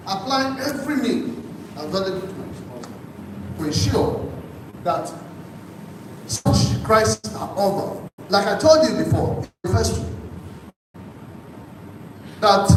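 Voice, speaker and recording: A man's voice: high-pitched, distant mic, background noise. A man with a Nigerian accent, a governorship candidate giving formal debate answers and repeating points for emphasis. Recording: very echoey hall, picked up from afar.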